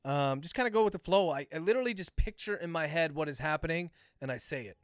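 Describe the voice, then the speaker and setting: A man dictating his own novel aloud on a livestream, calling out each comma and period as he goes. His voice sits somewhat high and sounds crisp and smooth. The room is dry and close. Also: fast talker, no room sound. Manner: dictates prose aloud, speaking punctuation marks; relaxed, chatty asides to viewers. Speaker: author.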